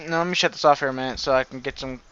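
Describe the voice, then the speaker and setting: A man's voice: mid-range voice, steady tone, racing, muffled recording. A man hosting a casual flight sim gameplay commentary, rambling and restarting his sentences as he talks. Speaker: host. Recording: engine noise under the voice. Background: aircraft engine noise from the game.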